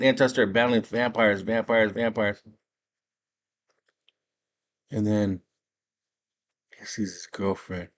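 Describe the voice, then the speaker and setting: A man hosting a movie chat from home, retelling a plot in a laid-back, slangy way. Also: lowish voice. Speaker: movie review vlogger. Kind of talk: casual chat.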